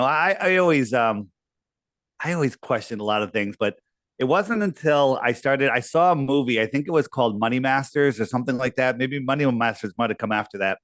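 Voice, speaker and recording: A man's voice: mid-range voice, a bit bright, no echo. A man being interviewed, talking casually and telling a long, rambling story with quoted asides. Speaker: podcast guest.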